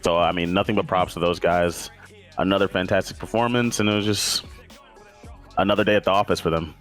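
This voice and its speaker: A man talking casually as an esports panelist, relaxed and searching for his words. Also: low-pitched, brisk, soft background music.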